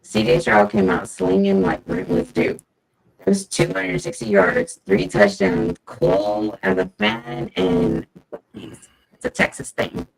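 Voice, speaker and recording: A woman hosts her podcast segment with heavy vocal fry. Her pitch swings a lot as she tells the game story in upbeat, slangy talk. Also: very animated, slow, poor audio. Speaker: segment host, team fan. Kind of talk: casual podcast game recap.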